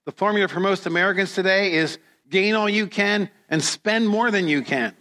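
Slow-preaching pastor, bright voice, reverberant hall. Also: male voice, high voice. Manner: slow, deliberate preaching with dramatic storytelling. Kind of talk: sermon.

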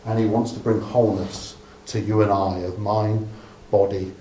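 A man's voice: fairly low pitch, level tone, normal speed, a little hiss or hum. A man from Dorset, preaching a sermon by retelling a story in a chatty way with humorous asides. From Dorset, England. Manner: conversational storytelling, humorous asides, softening to a hush at the close. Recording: echoey room.

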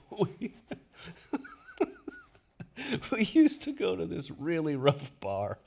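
A man's voice: mid-range voice, creaky. An older man hosting a podcast, telling stories in a casual way and often laughing as he talks. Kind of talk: casual storytelling.

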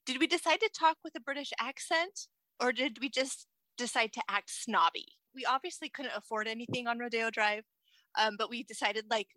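A woman's voice: on the high side, normal speed, pushed and bright, no echo. A woman co-hosting a podcast in casual chat, talking chattily with many fillers and restarts. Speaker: podcast co-host.

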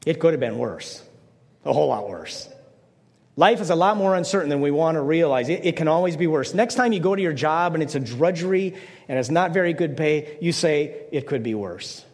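A man's voice: a little high, lively intonation, brisk, darkish tone, big-room sound. An older man preaching a conversational sermon as pastor, playful, slipping into mock voices to make his points.

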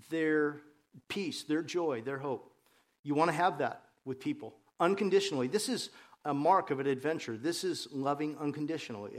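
A male pastor delivers a sermon with a slightly raised pitch. He moves between lively storytelling and quieter, earnest points, and his voice rises and drops as he makes them. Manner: lively storytelling with jokes, voice rising and dropping.

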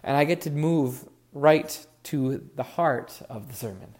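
A man's voice: medium pitch, a little slow, darkish tone. A man preaching a sermon as pastor, earnest and musing, leaning on words for emphasis. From Oregon.

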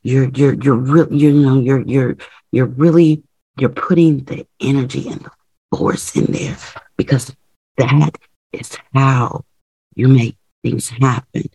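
A woman's voice: extremely low pitch, slow pace, warm tone, slightly rough, no room sound. A woman hosting a motivational podcast, urging listeners with emphatic, repetitive phrases. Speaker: podcast host.

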